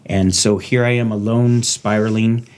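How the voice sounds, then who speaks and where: A man's voice: lowish voice, steady tone, moderate pace, a little mellow. A middle-aged man and former lawman hosting a podcast, speaking in a raw, blunt, heartfelt way. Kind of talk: candid podcast conversation.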